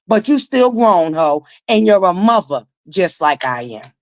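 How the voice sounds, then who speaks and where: Blunt raspy woman in her forties. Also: mid-range voice, animated, unhurried, few pauses. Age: 40s. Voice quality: naturally raspy voice. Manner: blunt, profane, emphatic, addresses viewers directly. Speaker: livestream commentary host. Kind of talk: casual live-stream commentary.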